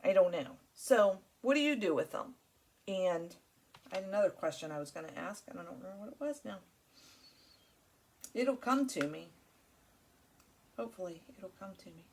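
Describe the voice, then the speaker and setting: Woman rambling along friendly-like while she crafts, lots of ums, mid pitch, bit of faint noise. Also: expressive, normal speed, pauses often, a little mellow. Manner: rambling, friendly, many fillers. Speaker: crafting channel host. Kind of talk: casual chat while crafting.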